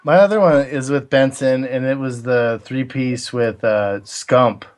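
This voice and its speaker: Relaxed man chatting on a stream. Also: mid-range voice, a little slow. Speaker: stream guest. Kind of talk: casual gaming stream chat.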